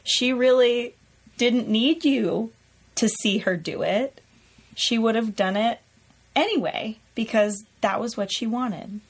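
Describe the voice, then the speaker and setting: A woman co-hosting a podcast, speaking in a slow, reflective way in casual chat. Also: fairly high pitch. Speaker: podcast co-host.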